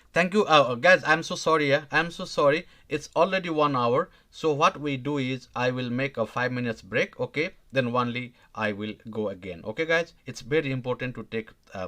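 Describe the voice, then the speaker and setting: Male teacher, mid pitch, halting live lesson full of fillers and "okay?". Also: sharp tone. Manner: halting, many fillers and restarts, checks in with "okay?". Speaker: language teacher. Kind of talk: live online grammar lesson.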